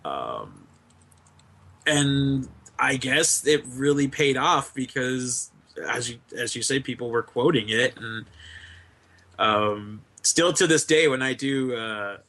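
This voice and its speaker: Male guest, bright mid voice, relaxed and profane, online-call audio. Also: mid-range voice, slow. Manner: laid-back, swears freely, laughs often. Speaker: guest, streamer. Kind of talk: casual online interview.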